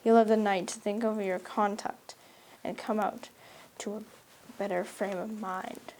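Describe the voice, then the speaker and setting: A woman's voice: medium pitch, flat delivery, unhurried, darkish tone, natural voice, poor audio. A woman reading a novel aloud, voicing a stern older woman guardian who scolds in a dry, reproving way. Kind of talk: audiobook reading.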